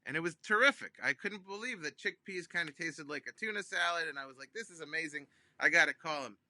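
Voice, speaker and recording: A comedian, a man, telling a funny phone-call story in an animated way, with many ums and restarts, acting out both sides. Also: a little high, fast talker, no echo. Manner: acts out both sides of phone calls with big voice jumps. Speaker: comedian guest.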